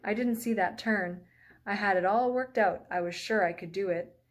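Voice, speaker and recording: A woman reading aloud plays a reckless show-off boy from a children's storybook. He sounds boastful yet a little rueful, at a mid pitch. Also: normal speed, natural voice.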